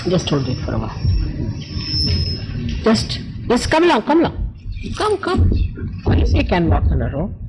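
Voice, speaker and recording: A woman's voice: on the low side, huge pitch swings, a little fast, pauses often. A woman leading a ritual gathering, giving informal instructions and coaxing children with repeated, motherly urging. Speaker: spiritual teacher leading a ceremony. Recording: noisy live event recording.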